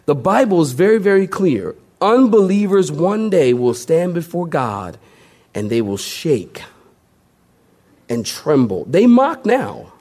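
A man preaching a sermon in a church as pastor, animated and jokey, moving between low, careful scripture reading and excited storytelling. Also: slow pace.

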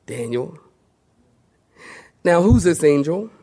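A male pastor delivers an animated sermon in a church service, his fairly high voice climbing for emphasis and then dropping to a near hush. He keeps calling on the congregation to answer him with amens. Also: unhurried. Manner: animated preaching, wide swings from loud highs to hushed lows; call-and-response with the congregation.

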